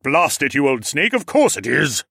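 A man voicing a big, impatient but friendly ram lord in an audiobook, talking in a gruff, blustery way. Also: mid-range voice, sing-song, moderate pace, fairly bright tone, no echo, studio quality.

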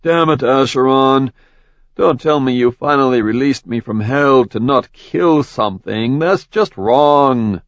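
Guy playing a cocky killer warrior, kinda higher voice, itching for a fight. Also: a little slow, dry recording, lo-fi sound, close to an everyday voice. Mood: aggrieved. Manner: cocky, glib. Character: cocky immortal warrior, cheerfully bloodthirsty.

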